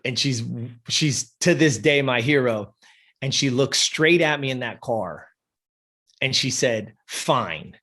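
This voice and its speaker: Man, 50s, interview guest, swears freely, keeps checking in with listeners, mid-pitched voice. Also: unhurried. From US West Coast. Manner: animated, profane, keeps checking in with "you know" and "right". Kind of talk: personal storytelling in a podcast interview.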